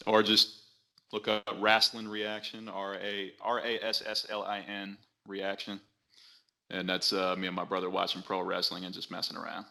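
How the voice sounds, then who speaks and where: Gravelly low-voiced man, rambling. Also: moderate pace. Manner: relaxed, rambling with many restarts. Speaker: podcast guest, musician. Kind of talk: casual interview chat.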